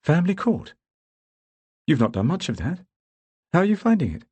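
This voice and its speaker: A man voicing a soft-spoken woman lawyer in an audiobook, raising his voice for her. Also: a little high, big pitch swings, normal speed, husky, dry recording, voice pushed up. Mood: surprised. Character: woman, lawyer, gentle and soothing.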